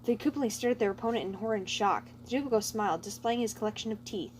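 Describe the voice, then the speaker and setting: A woman narrating fan fiction aloud in a steady, plain storytelling way. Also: medium pitch, quick pace, slight background noise.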